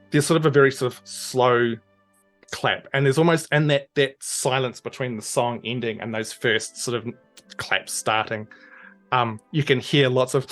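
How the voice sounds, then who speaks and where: A man's voice: mid-range voice, fairly bright tone. A man working as game master, narrating a tabletop game scene in a loose, descriptive way with many ums and uhs.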